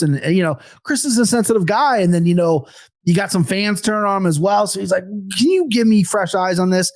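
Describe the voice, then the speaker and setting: A man's voice: high voice, brisk, no echo, clean studio sound. A man from the US Midwest co-hosting a sports podcast in loose, easygoing chat. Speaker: podcast co-host.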